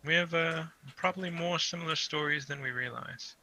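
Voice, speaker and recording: Bright-toned man in a role-playing game. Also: fairly high pitch, brisk, slight background noise, low-quality recording. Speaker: player. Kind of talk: in-character tabletop role-play.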